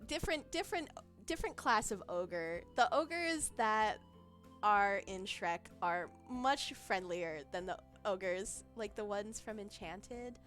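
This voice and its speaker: A woman's voice: medium pitch, expressive, slow pace, fairly bright tone. A woman streaming as a vtuber, chatting casually, giggling often and losing her train of thought as she reacts to chat. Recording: faint background music.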